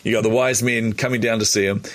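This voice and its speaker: A man's voice: on the low side, fairly even intonation, fast. A middle-aged man with a New Zealand accent, a podcast guest telling stories animatedly and acting out the dialogue. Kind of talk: casual storytelling interview.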